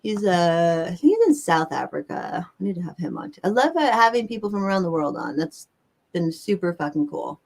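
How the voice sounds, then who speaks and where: A woman's voice: on the low side, expressive, a little fast, gravelly, a little mellow. A Southern American woman hosts a livestream and chats with her viewers in a loose, rambling way. She swears casually as she talks to them. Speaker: livestream host. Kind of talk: casual chat answering viewers.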